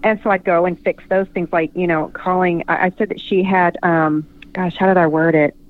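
A woman author chatting casually, often pausing to search for words. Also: fairly low pitch, steady tone. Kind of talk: casual call-in chat. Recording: tinny phone line.

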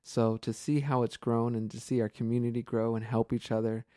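A man in his forties co-hosts a casual podcast with a chatty, upbeat manner and a ready laugh. His voice sits at a middle pitch. The recording is dry and close. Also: level tone, fairly quick, warm tone, no room sound. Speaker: podcast co-host.

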